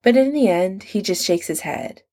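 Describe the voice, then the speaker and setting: A woman narrating a story in a measured storytelling manner. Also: mid-range voice, animated, darkish tone. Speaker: audiobook narrator. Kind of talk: scripted narration.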